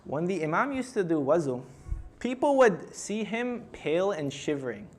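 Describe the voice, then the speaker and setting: A young man delivering an emotional religious sermon, retelling a tradition and building to loud, pleading intensity. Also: high-pitched, big pitch swings, moderate pace. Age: young adult. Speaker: speaker at a mourning gathering.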